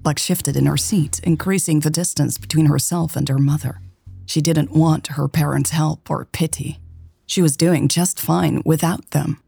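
A woman hosting a romance podcast and reading a story in a calm, measured way. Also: low-pitched, creaky, husky, no echo, studio quality. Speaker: podcast host and narrator. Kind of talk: audiobook story narration.

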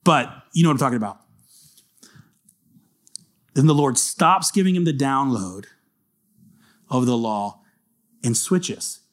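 A man preaching a sermon as pastor, chatting casually, then reading scripture slowly and building to shouted intensity. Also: medium pitch. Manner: reads scripture slowly and dramatically.

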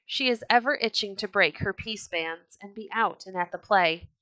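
A woman's voice: medium pitch, moderate pace, sharp tone, no echo, lightly acted, rough recording. A woman voicing a bold, hot-tempered red-bearded Viking chieftain in a storybook reading, with a hearty, declaiming manner. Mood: restless.

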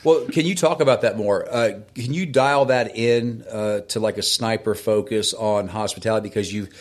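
Measured, thoughtful talk-show host. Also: male voice, lowish voice. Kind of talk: casual talk-show conversation.

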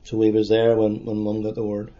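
A man in his sixties with a Derry accent, recalling past events in a halting, plain-spoken way during an oral history interview. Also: lowish voice, monotone, warm tone. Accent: Northern Irish, Derry. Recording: dull lo-fi recording.

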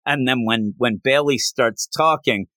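A man's voice: medium pitch, bright, forceful tone, no echo. Chatty man reviewing comics, dry sound. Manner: chatty, retells scenes with quick voiced quotes. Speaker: podcast host. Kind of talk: casual comic book review chat.

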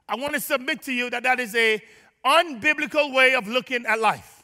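In a church sanctuary with a big-room sound, a male pastor preaches at a fairly quick pace. He is emphatic, climbing to shouts and falling to low asides as he calls on the congregation to respond.

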